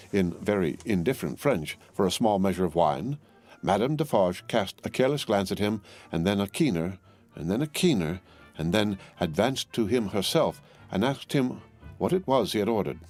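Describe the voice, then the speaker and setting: A man with a deep, low voice narrates a classic novel in measured, even storytelling. Soft music plays faintly behind the reading. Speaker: audiobook narrator. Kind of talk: scripted narration.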